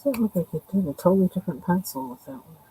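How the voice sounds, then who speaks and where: A woman streaming live, talking quietly to herself in casual chat as she colors a drawing. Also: medium pitch, animated, rapid-fire, gravelly, a little hiss or hum, rough recording. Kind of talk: casual self-talk while coloring.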